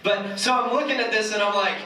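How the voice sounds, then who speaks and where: A church speaker jokes his way through a relaxed sermon, poking fun at himself in a conversational tone. He talks fairly quickly in a high-pitched voice, with a crowd audible behind him and the echo of a distant hall.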